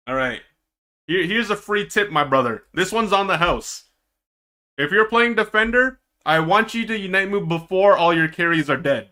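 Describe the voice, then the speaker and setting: A man streaming himself reacting to an esports match, excitable and teasing, with drawn-out dramatic groans. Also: high-pitched. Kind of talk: casual live-stream reaction commentary.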